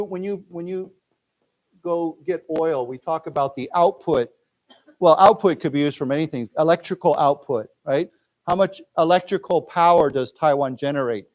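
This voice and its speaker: An American man teaches an English class in a library lecture room. His voice sits a bit high for a man. He reads news phrases slowly and deliberately for students to echo, then explains vocabulary patiently. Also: darkish tone.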